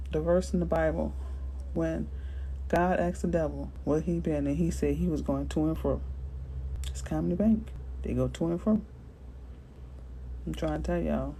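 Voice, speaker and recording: A woman realtor from Florida chats with her viewers in an animated, slangy way, answering their comments as she goes. Her voice sits a little low and sounds mellow and warm. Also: a little hiss or hum, poor audio. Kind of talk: casual livestream chat with viewers.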